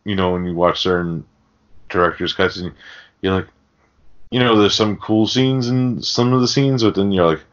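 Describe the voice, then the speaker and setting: Over dull lo-fi podcast audio, a male host recaps a film in a casual, rambling chat laced with swearing. His voice is low and his pace is normal.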